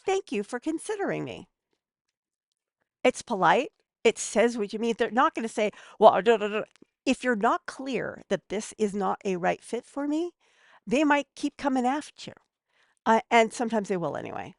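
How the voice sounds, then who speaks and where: A woman's voice: on the high side, sing-song, normal speed, creaky, no room sound, studio quality. A woman giving casual advice as a podcast guest, chatty and a bit snarky.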